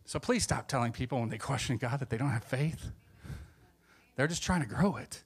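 A man preaching a sermon, swinging between hushed asides and emphatic points, acting out the voices he quotes. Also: mid-range voice, lively intonation, normal speed, breathy edge.

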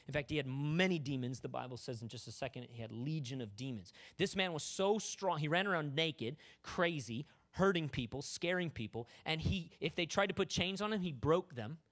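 A pastor preaches in a loose, conversational way, tossing in jokes and asides. His voice sits a little high and leaps all over the place. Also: expressive, normal speed, few pauses, a bit bright. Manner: casual, joking preaching full of asides. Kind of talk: sermon.

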